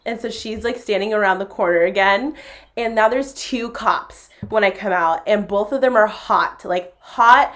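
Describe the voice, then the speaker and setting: In a mid-range voice at normal speed, a young podcast host spins a lively, casual story. She performs each line of dialogue herself, breaking into laughter between them.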